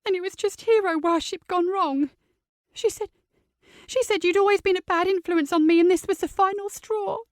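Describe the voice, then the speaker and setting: A woman voicing an upset teenage girl, speaking high and quick in an audiobook. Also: no room sound, studio quality. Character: distressed teenage girl, tearful and defiant.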